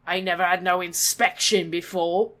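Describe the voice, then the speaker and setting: A reader doing a coarse goblin butcher, bellowing and suspicious. The voice jumps loud and high as he barks at strangers in a storybook reading. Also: steady tone, moderate pace, close to an everyday voice. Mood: hostile. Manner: yelling, accusing. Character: rough hostile male goblin butcher.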